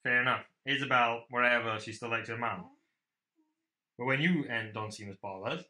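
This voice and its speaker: Swearing young man with a forceful voice. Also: medium pitch, moderate pace. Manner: sweary, joking banter. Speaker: podcast co-host. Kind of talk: casual chat. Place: home.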